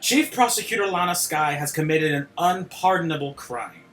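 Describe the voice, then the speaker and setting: A man reading aloud the lines of a cold, sharp male prosecutor from a game, in a stiff, formal way. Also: on the high side, expressive, moderate pace, reverberant, soft background music.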